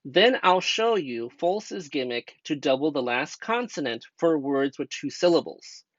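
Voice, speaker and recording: Young man, student teacher, grammar lesson, patient step-by-step, lively pitch, dry dull lo-fi voice-over. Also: unhurried, no room sound. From United States. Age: young adult. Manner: patient, step-by-step teacher talk with rhetorical questions.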